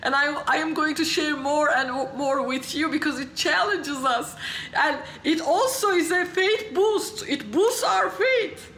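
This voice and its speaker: A woman preacher with a very high, bright voice delivers a sermon slowly and passionately. She drops to hushed tones, then rises to exclaiming and laughing through tears. The recording is in an echoey room. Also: lively intonation, slight background noise. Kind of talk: sermon with testimony storytelling.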